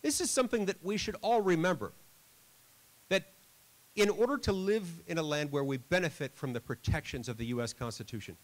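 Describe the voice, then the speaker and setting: A man's voice: medium pitch, rough recording. A middle-aged man giving a school assembly speech, telling a self-deprecating story with dry humor. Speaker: senator.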